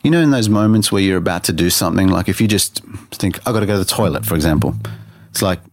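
A man's voice: low-pitched, animated, fast, dry recording, studio quality. A man telling a personal story in an interview, earnestly, with many restarts, acting out his own thoughts in quoted lines. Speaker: interview guest. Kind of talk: personal testimony in conversation.

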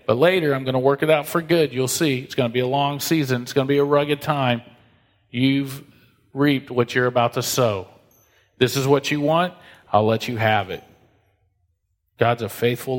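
A pastor giving a conversational sermon, reading scripture and acting out God's voice. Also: male voice, mid-range voice, steady tone, normal speed. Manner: conversational preaching, acts out God's voice. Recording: long hall reverb.

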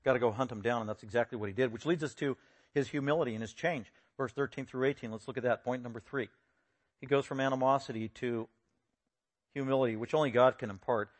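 A man preaching an expository sermon, lively and acting out the voices he quotes with sudden loud bursts. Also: mid-range voice. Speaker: pastor.

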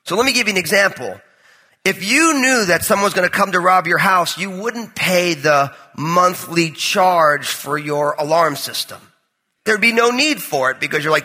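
A high, bright male pastor from New with a husky edge, preaching in a conversational, joking storyteller's manner. His voice rings out with a long reverb in a large church hall. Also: fairly quick. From New Jersey. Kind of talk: sermon with personal storytelling.

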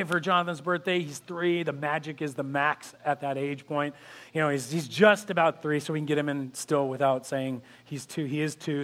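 A high-voiced man preaching to his congregation. He tells animated stories and acts out quotes with playful voices. He keeps circling back to his central point. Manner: animated storytelling with acted-out quotes. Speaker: pastor. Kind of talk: sermon. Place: church sanctuary.

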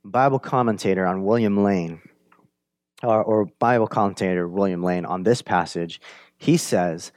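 A man preaching a sermon, conversational and animated, often asking "right?", swinging from emphatic bursts to hushed lines. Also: normal speed, dry recording. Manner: animated, builds up to emphatic high-energy retelling, drops to hushed low lines. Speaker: pastor.

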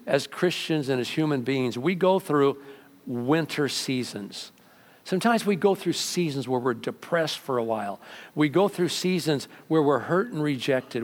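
Older male pastor, emphatic sermon delivery, slightly high voice, long church reverb. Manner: emphatic preaching, acts out quoted voices. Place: large church sanctuary.

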